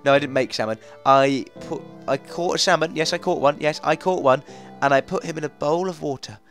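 A man's voice: on the high side, brisk, soft background music. Chatty young man doing game commentary. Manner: chatty, coaxing, easily frustrated, bursts of excitement. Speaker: gaming commentator. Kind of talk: let's play commentary.

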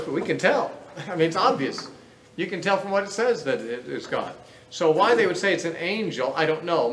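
A man with a slightly high, somewhat bright voice explains scripture to his Bible class, thinking it through aloud in an earnest lecture. The lecture room gives a roomy echo, with faint noise in the background.

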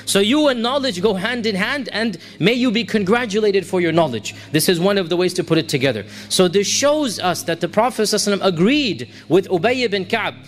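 High-voiced man telling a religious story. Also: quick pace, few pauses, slight background noise. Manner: animated storyteller, quoting figures, switching into Arabic recitation. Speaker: Islamic preacher.

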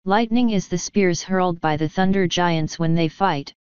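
A woman's voice: on the low side, moderate pace, darkish tone, clean tone, no echo, highs cut off, natural voice. A woman voicing a small, amused male picture imp who speaks dryly and casually. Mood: matter-of-fact.

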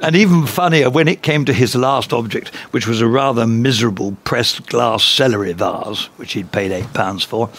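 A man with an English accent, a guest in a cricket commentary box, telling lively anecdotes and chuckling through punchlines. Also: medium pitch, moderate pace, few pauses.

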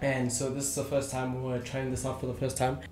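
A man's voice: mid-range voice, completely flat delivery, brisk, background noise. A young man chatting casually to camera, joking and self-deprecating. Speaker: vlogger. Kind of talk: casual vlog chat. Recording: roomy room with background music. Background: soft guitar music.

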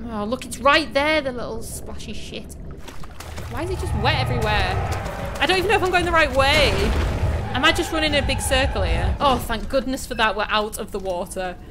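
A high-pitched young woman talks her way through a horror game, chatty and jumpy, yelping at scares and laughing them off. Game music plays clearly underneath her commentary. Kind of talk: live gameplay commentary.

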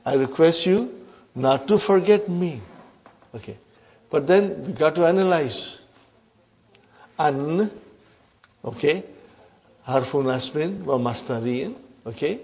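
A man teaching an Arabic grammar class. He keeps questioning his students, prompts them with a quick "huh?", and calls them brothers and sisters. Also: a little high, lively intonation, gravelly, darkish tone.

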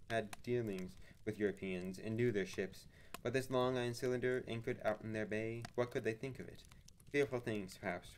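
Low-voiced man reading a classic novel aloud. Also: slight background noise. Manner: expressive, theatrical, with occasional slips. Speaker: reader. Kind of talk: dramatic book reading.

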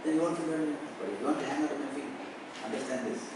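A man speaking at a youth retreat, telling a personal story with animated delivery and acting out the dialogue. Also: fairly high pitch, fast talker, gravelly. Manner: animated, acts out dialogue with rising intensity. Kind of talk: emotional personal storytelling talk. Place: large indoor retreat hall. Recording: very echoey hall, mic far off, faint noise.

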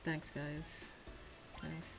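A young woman giving casual commentary while pulling in a gacha game, drifting between quiet, mumbled disappointment and sudden shrieks of excitement. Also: extremely slow, creaky, soft background music, poor audio. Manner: swings from mumbled low sighs to shrieking excitement. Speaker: gacha gaming streamer.

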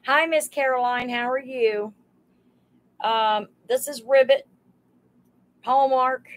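Pricing goods one at a time, this woman welcomes her live-stream viewers by name in a slow, homespun drawl. Her voice sits fairly high and her tone stays steady, though she seems overheated. It's a low-quality recording.

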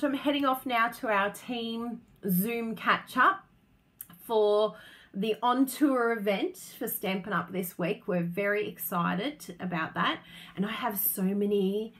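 A woman's voice: fairly high pitch, fairly bright tone. A woman hosting a casual live stream, bubbly and chatty, laughing often as she talks to viewers. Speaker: craft business host.

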